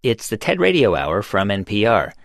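A man's voice: lowish voice, wildly swooping pitch, moderate pace, no room sound, clean studio sound. A man hosting a radio show, asking questions in a conversational, curious way. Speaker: radio host.

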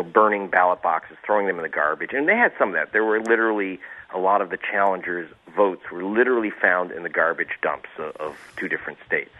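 Sarcastic deep-voiced man on a phone line. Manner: sarcastic, digressive, many restarts. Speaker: investigative reporter guest. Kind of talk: phone-in radio interview.

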